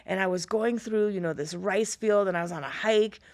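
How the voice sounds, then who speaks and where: A woman's voice: medium pitch, fairly quick. A middle-aged woman from Florida, a former teacher, telling personal stories in conversation and acting out the dialogue she quotes. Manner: lively storyteller who acts out quoted dialogue. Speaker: guest, former high school teacher.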